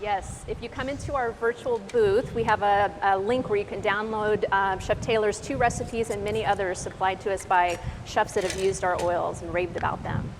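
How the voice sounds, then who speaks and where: A woman's voice: medium pitch, fairly even intonation, normal speed, hardly any pauses. Enthusiastic businesswoman in an echoing hall. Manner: enthusiastic, promotional. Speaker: oil company owner. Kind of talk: promotional pitch. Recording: hall reverb, clear background noise.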